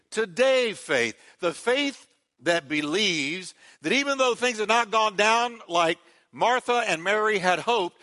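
A man's voice: high-pitched, sharp tone. A man preaching a sermon as pastor, emphatic and repetitive, calling the congregation to respond.

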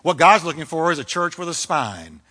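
Fiery, bright-voiced male pastor preaching. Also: a little high, expressive, normal speed. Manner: fiery, emphatic preaching with dramatic shifts. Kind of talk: sermon.

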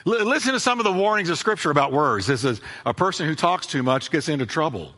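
A man's voice: fairly high pitch, big pitch swings, quick pace, pushed and bright, in a large hall. A man preaching a sermon as pastor, emphatic, repeating key phrases and acting out both sides of conversations.

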